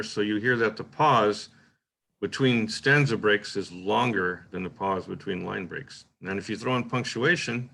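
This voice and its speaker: A man with a fairly low voice and a bright, sharp edge over a rough, gravelly texture. He hosts a poetry workshop and talks through a point on craft in an easy, informal lecture, often tossing in "right?" and trying a sample line aloud several ways. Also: measured pace. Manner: relaxed, thinking aloud with frequent "uh" and "right?".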